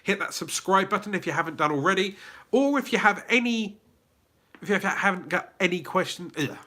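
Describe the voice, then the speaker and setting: In a high-pitched, animated voice that's bright and forceful, a southern English livestream host from England talks fairly quickly. He runs a casual live Q&A, chatting, reading out the chat, and restarting sentences among plenty of fillers.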